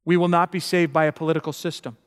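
A man preaching a sermon as pastor, emphatic and building to loud, passionate peaks. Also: a little high, little pitch movement, quick pace, long reverb tail.

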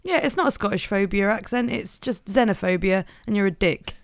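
Woman, comedy podcast co-host, giggly, sardonic, lively intonation, dry close sound. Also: mid-range voice, brisk, no room sound. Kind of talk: casual comedic chat, reading news aloud.

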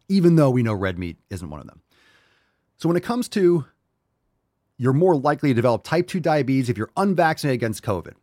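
A man's voice: mid-range voice, a little mellow, no echo, studio quality. A man hosting a podcast, delivering a heated, profane opinion monologue with mocking asides. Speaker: podcast host.

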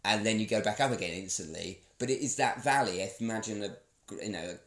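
A man's voice: fairly low pitch, fast, reverberant. A man from Essex with a posh-sounding English accent, chatting casually as a podcast co-host, with frequent restarts and laughs. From Essex, England. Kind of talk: casual chat.

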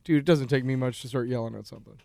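A man's voice: mid-range voice, steady tone, racing, gravelly, darkish tone, no echo, studio quality. A man co-hosting a podcast, talking in a loose, profane, rambling way. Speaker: podcast co-host and musician. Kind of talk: casual podcast chat.

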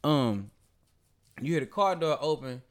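A man's voice: fairly high pitch, measured pace. A man on a podcast, telling a story in casual, profane chat and acting out the people in it. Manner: animated, profane storytelling with voiced quotes. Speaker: podcast host.

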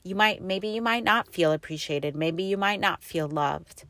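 A middle-aged woman with a low voice chats her way through a casual podcast episode. She rambles cheerfully from one story to the next, leaning on "like" as she goes. She records from inside a parked car, and the sound is close and dry. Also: normal speed, few pauses, fairly bright tone, no room sound. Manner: rambling, upbeat storytelling with many "like" fillers. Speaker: podcast host. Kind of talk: casual chatty podcast monologue.

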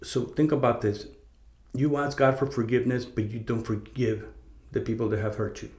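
A middle-aged man tells a personal story in a rambling, casual monologue. He restarts his sentences often, swears freely, and pushes his voice up at the key moments. His mid-pitched voice sounds roomy and echoey. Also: moderate pace, darkish tone. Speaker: podcast host. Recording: echoey room.

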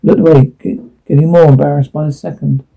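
A man's voice: a little high, fairly even intonation, a little fast, gravelly, warm tone. A man telling a rueful first-person story from his youth, self-deprecating in tone. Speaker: narrator. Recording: tinny phone-like line.

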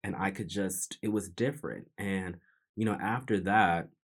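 Deep-voiced man telling a personal story. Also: normal speed, breathy edge. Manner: earnest, reflective, with frequent restarts and repeated phrases. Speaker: podcast host.

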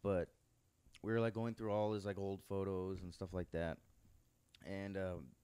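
A man's voice: sits low, measured pace, clean tone. A man hosting a podcast, chatting casually with short agreements and rambling storytelling. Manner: relaxed, frequent short agreements, loose storytelling. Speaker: podcast host. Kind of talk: casual chat.

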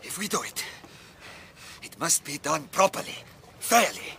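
An actor playing a desperate but commanding castaway in a lifeboat in an old radio drama, insisting things be done fairly. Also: male voice, fairly high pitch, big pitch swings, measured pace, vocal fry, fairly bright tone, exaggerated voice. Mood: stern. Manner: commanding, strained, insists on fairness. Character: stern, desperate male castaway keeping order. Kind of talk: vintage radio drama acting. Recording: hissy old radio recording.

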